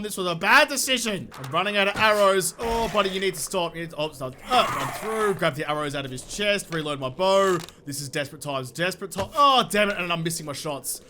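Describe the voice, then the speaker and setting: A man doing let's play commentary, excitable and sweary, talking to the enemies he fights, his voice a little off from being sick. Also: sits high, a little fast, few pauses, a little hiss or hum. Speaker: gaming YouTuber.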